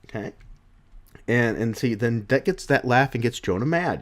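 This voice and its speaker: Animated man reviewing comics. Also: mid-range voice, moderate pace. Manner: animated, rambling with restarts. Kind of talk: casual video review.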